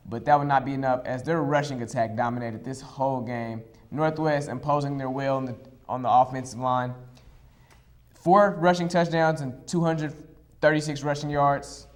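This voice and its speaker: A young man reads through college football highlights as a sports show co-host. His voice is mid-range, and he stays upbeat, restarting phrases as he goes. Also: fairly even intonation, normal speed. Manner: upbeat, repeats himself when restarting. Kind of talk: highlight play-by-play commentary.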